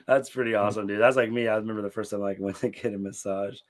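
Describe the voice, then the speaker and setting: A young man with a fairly low voice co-hosts a book recap podcast in loose, casual chat. He is laid-back and swears freely, and he acts out quotes with sudden loud yelps. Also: fairly even intonation, fast talker.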